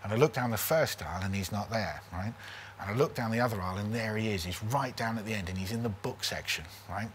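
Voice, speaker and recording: A man's voice: lowish voice, fast talker. Forties male comedian, chatty anecdote teller, keeps asking "right?", slight background hiss. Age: 40s. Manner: animated, keeps tagging lines with "right?". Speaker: comedian guest. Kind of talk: casual comic storytelling.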